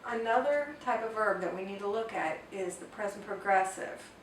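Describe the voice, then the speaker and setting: A woman teaching a grammar lesson at a board, explaining slowly and carefully and reading out Spanish example sentences. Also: medium pitch, expressive. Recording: echoey room, distant mic, faint noise.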